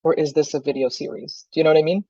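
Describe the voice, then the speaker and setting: A woman co-hosting a podcast in casual chat over a video call, relaxed, chuckling and thinking aloud. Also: low-pitched, rapid-fire, dry recording, highs cut off. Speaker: podcast co-host.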